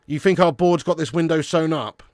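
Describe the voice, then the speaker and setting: A man's voice: a little high, moderate pace, dry recording, studio quality. A man hosting a live football fan stream, talking bluntly and casually, swearing and calling viewers "lad" and "mate". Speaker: football channel host.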